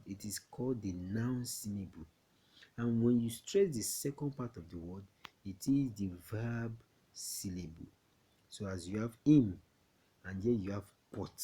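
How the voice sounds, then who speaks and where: A man from Nigeria teaching a classroom English lesson, slow and repetitive, often checking that students understand. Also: on the low side, mellow, husky.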